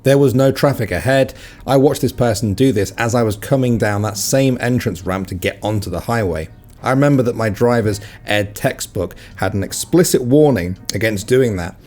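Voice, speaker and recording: A man's voice: lowish voice, normal speed, a little mellow. A man reading reddit stories aloud in a casual way, adding wry, joking comments between them. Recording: faint music behind.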